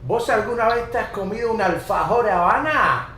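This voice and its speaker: A man putting on an Argentine Spanish accent, playing a chatty Argentine man who boasts about food in a rapid, pushy way. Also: sits high, bright, forceful tone, roomy sound, a little hiss or hum, pitched above the performer's own voice.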